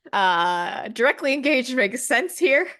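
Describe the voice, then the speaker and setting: A woman's voice: on the high side, lively intonation, unhurried, sharp tone. A woman running a tabletop role-playing game as game master, narrating the action vividly and laughing easily.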